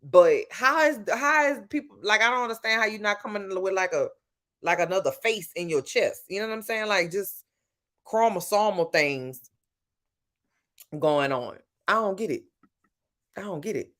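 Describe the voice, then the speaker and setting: A talkative woman with a New Orleans accent hosts a casual livestream, chatting straight to her viewers. She is blunt and runs on, scattering "child" and "baby" through everything she says. Her voice sits at an ordinary middle pitch for a woman. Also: animated, moderate pace, a bit bright. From New Orleans, USA. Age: adult with grown-up sons. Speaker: livestream host.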